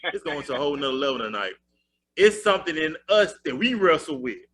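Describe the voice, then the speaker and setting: A man's voice: fairly high pitch, big pitch swings, brisk, fairly bright tone. A man hosting a casual faith talk show, conversational and quoting scripture.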